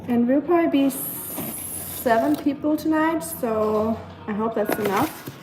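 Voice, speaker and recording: A woman's voice: sits high, unhurried, background noise. Chatty German woman in an echoey kitchen. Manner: chatty, talks back to viewers, searches for words. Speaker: livestreamer. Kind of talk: casual livestream chat while cooking. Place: home kitchen. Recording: echoey kitchen with clattering dishes.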